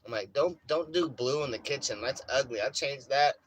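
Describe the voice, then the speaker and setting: A man chatting casually in a vlog from inside his RV, rambling and swearing, getting animated when he acts out stories. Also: mid-range voice, normal speed, slight background noise, rough recording. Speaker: vlogger. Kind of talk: casual chat.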